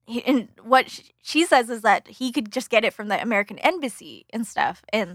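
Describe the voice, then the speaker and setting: Bright high-voiced woman recapping a film. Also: lively intonation, brisk, dry recording, clean studio sound. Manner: rambling, filler-heavy, laughs often. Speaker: podcast co-host. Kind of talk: casual chat recapping a film.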